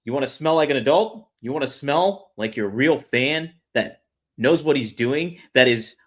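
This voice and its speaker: Male co-host, mid pitch, upbeat pitchman energy for a sponsor read. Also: lively intonation, normal speed. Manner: upbeat, jokey pitchman in ad reads. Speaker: podcast co-host. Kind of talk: casual chat and ad read.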